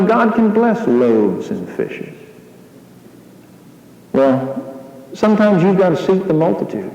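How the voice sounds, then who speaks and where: Animated man preaching in an echoey hall. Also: on the high side. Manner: animated storytelling, acting out dialogue. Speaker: pastor. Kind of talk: sermon.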